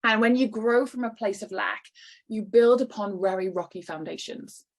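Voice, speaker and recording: A woman's voice: medium pitch, moderate pace. A woman giving an encouraging online workshop talk to business owners over a video call. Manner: encouraging, lightly acts out quoted voices.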